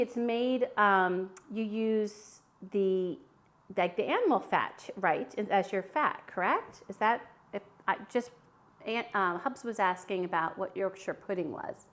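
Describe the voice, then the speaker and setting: A woman who hosts a casual live cooking demo in her home kitchen, chatting with viewers and answering their comments while she cooks. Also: medium pitch. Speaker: cooking livestream host.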